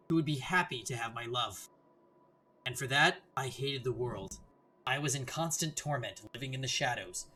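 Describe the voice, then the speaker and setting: A woman voicing a gentle, doomed young man who speaks quietly and earnestly, reading a visual novel aloud. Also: rumbling low. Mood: sorrowful.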